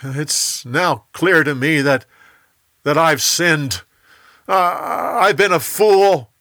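A man's voice: fairly high pitch, drawn-out words, pushed and bright, no room sound, studio quality, voice pushed up, full character voice. A man voicing Saul, an older king speaking with contrition and regret. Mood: remorseful. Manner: pleading and contrite.

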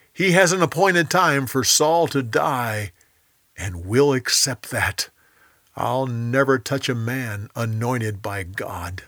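A loyal young warrior , as a male storyteller puts him on, firm and earnest in a bright, dry read. His lines come slow and deliberate. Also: mid-range voice, breathy edge, no echo, heavily acted. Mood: solemn. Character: young warrior David, a loyal future king.

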